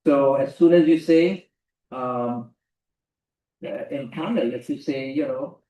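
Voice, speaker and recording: A man's voice: mid-range voice, slow pace, mellow. A man giving an emphatic lecture to students, often repeating key phrases. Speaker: guest lecturer. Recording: roomy hall, distant mic.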